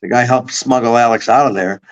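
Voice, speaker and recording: A man's voice: medium pitch, steady tone, fairly quick. A man from Buffalo, New York, a podcast guest, telling long rambling stories with swearing. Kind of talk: casual storytelling. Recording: slightly muffled audio.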